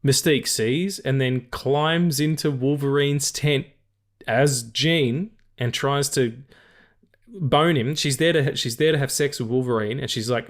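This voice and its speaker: A man chatting about films as a podcast co-host, with a voice of ordinary middle pitch. He jokes around, swears freely and breaks into laughter often. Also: measured pace. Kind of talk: casual film chat.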